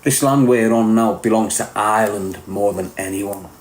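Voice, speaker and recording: A man's voice: fairly low pitch, moderate pace, reverberant, a little hiss or hum, low-quality recording. A man with a Liverpool Scouse accent talking bluntly and emphatically in a casual podcast chat, swearing often. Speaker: podcast guest.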